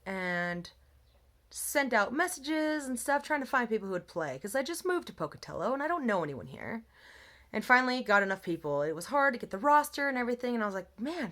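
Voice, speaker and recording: A woman's voice: medium pitch, fairly bright tone. A young woman venting to her phone camera in a rambling, heated monologue, swearing freely. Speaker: vlogger.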